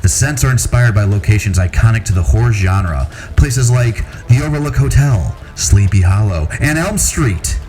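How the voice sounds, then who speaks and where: A man, a podcast host, reading a sponsor advertisement in a brisk, scripted way. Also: lowish voice, lively intonation, darkish tone, soft background music. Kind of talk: read advertisement.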